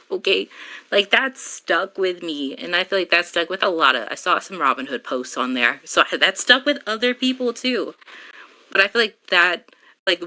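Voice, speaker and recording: Low, bright-toned chatty woman podcaster. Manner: chatty, heavy use of "like", animated asides. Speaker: podcast host. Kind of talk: casual chat.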